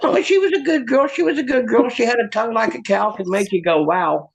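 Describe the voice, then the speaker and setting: A man doing a stand-up comedy set, with deadpan one-liners and halting restarts. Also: very high voice, dull audio.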